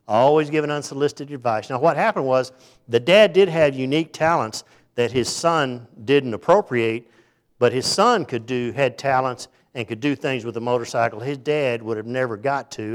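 Folksy middle-aged man telling sermon stories. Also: medium pitch. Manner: folksy, rambling, conversational; acts out the people in his stories. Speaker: speaker giving a faith talk. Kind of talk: informal sermon with storytelling.

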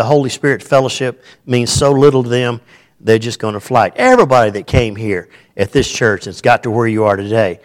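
A man, preaching an informal, folksy sermon in a church with a lively, self-described hyper delivery. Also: mid-range voice. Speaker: pastor.

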